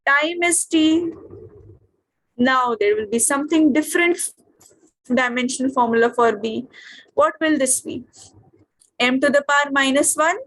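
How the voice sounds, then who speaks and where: A woman's voice: sits high, a little slow, pauses often, a bit bright. A woman with an Indian English accent teaching an online physics class, often asking her students questions to check that they follow.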